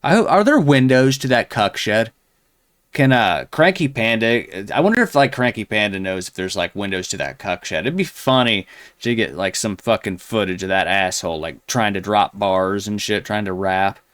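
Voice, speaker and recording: A man's voice: lowish voice, lively intonation, normal speed, fairly bright tone, dry recording, studio quality. A man hosting a commentary show, crudely mocking a video with a rambling, sneering delivery full of fillers. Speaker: commentary host.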